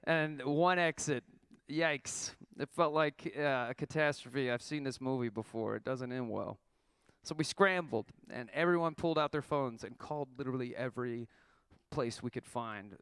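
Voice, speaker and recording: Man in his thirties, wry profane storyteller, smooth resonant voice, dry close sound. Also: medium pitch, moderate pace, fairly bright tone, no echo. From Oklahoma. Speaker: band member telling a tour story. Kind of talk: storytelling talk to an audience.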